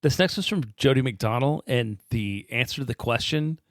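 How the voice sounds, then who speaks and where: A man co-hosting a casual soccer podcast, relaxed and quick to laugh as he reads listener questions. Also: medium pitch, no echo, clean studio sound. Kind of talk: casual chat.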